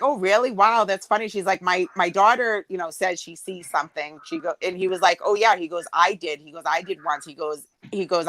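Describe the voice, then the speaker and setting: A woman's voice: on the low side, fairly bright tone, no room sound, rough recording. A woman in her forties telling a long personal story in casual chat, rambling with many fillers and acting out quotes. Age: 40s.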